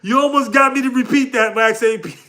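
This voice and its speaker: A man's voice: very high-pitched, brisk, pushed and bright. A man with a New York accent hosting a casual livestream, laughing often and talking slangily to his chat. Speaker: livestream host.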